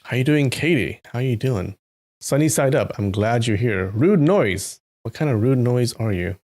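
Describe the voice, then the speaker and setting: At normal speed and a medium pitch, a man hosting a live-stream novel reading talks casually with his viewers. He greets chat by name and adds animated asides.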